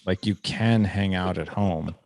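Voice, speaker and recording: A man's voice: low-pitched, measured pace, creaky, darkish tone, no echo, studio quality. A middle-aged man hosting a podcast, telling a long story in a rambling, self-deprecating way. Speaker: podcast host. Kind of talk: casual podcast conversation.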